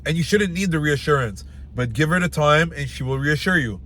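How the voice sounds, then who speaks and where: A man's voice: a little high, lively intonation, fairly quick, a bit bright. A young man giving blunt dating advice straight to the camera in loose, casual talk full of filler words.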